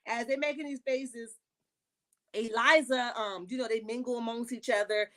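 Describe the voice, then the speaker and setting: A woman, recapping a reality show on a casual livestream with sassy, animated asides. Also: a little high, moderate pace.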